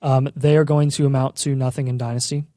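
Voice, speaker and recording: A man's voice: medium pitch, little pitch movement, fast talker, mellow, no room sound, clean studio sound. A man co-hosting a casual talk show, making sarcastic, joking asides. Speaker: podcast co-host. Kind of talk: casual chat.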